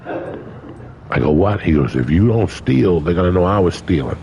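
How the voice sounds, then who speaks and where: A man's voice: low-pitched, expressive, moderate pace, creaky, warm tone, a little hiss or hum, rough recording. An older man telling stories in a casual interview, colorful and profane, acting out other people's lines. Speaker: guest. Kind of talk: casual storytelling.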